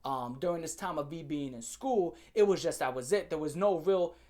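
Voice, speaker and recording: A man's voice: fairly high pitch, expressive, normal speed, dark tone. A young man rants through a storytime video, swearing freely and dropping slang as he goes. He talks straight to his viewers and circles back over the same points, building up heat as he retells it. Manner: profane, slangy, heated ranting. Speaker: YouTuber telling a story. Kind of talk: storytime rant.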